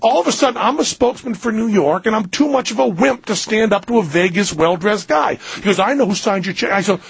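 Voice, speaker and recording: Animated, raspy radio storyteller man. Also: quick pace, dry recording. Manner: animated storyteller, jumps into a high squeaky voice for his own lines. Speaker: radio show host.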